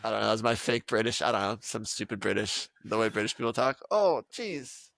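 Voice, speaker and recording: Gravelly-voiced male podcast host. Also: on the low side, level tone, quick pace, a bit bright, no echo. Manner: rambling, trails off and restarts. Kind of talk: casual sports chat.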